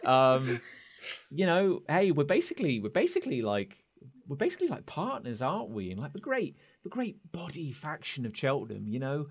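A man's voice: a little high, huge pitch swings, moderate pace, slightly rough, exaggerated voice. A man doing a pushy, chummy knight. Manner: overfamiliar, wheedling.

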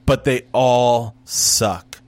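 A man's voice: medium pitch, steady tone, very slow. A man in casual chat, sarcastically recapping a TV show and acting out the characters. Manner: sarcastic, acts out characters mid-story.

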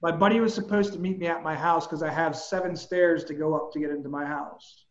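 A man's voice: a little high, fairly even intonation, fairly quick, roomy sound, lo-fi sound. A man, a personal trainer, animatedly recounting a personal story in casual talk and swearing now and then. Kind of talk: casual storytelling in a podcast chat.

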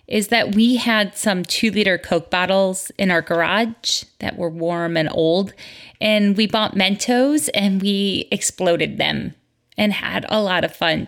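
A woman in her thirties hosting a podcast, giving an upbeat, heartfelt self-care pep talk that slows down to stress key points. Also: medium pitch, gravelly, a bit bright. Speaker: podcast host.

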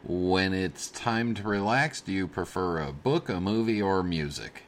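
A man's voice: low voice, measured pace, slight background noise. A man hosting a podcast interview, teasing and prompting his guest with questions. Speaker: podcast host. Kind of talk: casual interview chat.

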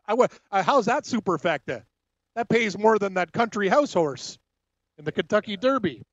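High-voiced man giving sports updates. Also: animated, dull audio. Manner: brisk, jokey, laughs often. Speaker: sports radio co-host. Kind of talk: sports radio update and banter.

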